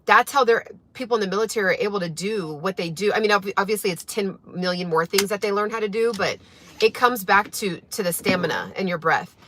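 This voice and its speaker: A woman's voice: medium pitch, brisk, a bit bright, slight background noise. A young woman, a fitness coach, chatting casually and motivationally on a livestream while she drives, with many fillers and restarts. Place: in a car.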